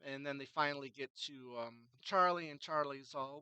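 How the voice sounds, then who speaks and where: A man's voice: on the high side, steady tone, normal speed, sharp tone, smooth, no room sound, low-quality recording. A man casually reviewing a film, retelling its scenes in a rambling way with many fillers and restarts.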